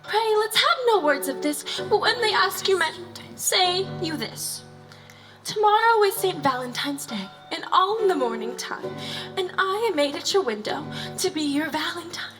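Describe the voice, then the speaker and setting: A woman's voice: very high-pitched, animated, moderate pace, music in the background, rough recording. A woman acting a grief-mad young noblewoman on stage, half singing her lines in a drifting singsong. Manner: singsong, drifting, laughing softly.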